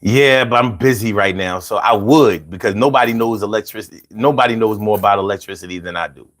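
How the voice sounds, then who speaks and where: A man's voice: fairly low pitch, brisk, fairly bright tone, voice pushed down, natural voice. A man putting on a boastful, self-important older male politician who repeats single words for emphasis.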